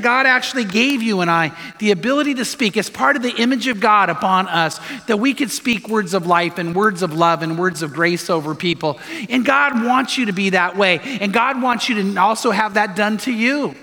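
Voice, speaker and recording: A man's voice: high voice, sharp tone. A man preaching a sermon as pastor, telling a story with lots of fillers and restarts. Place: church sanctuary. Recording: reverberant hall.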